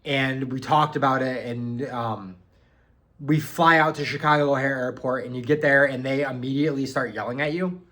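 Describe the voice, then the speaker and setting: A man's voice: medium pitch, normal speed, a bit bright. A young man telling a story in a casual, rambling way, full of fillers and swearing. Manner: rambling, lots of "like" and "um", swears freely. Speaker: vlogger recounting boot camp.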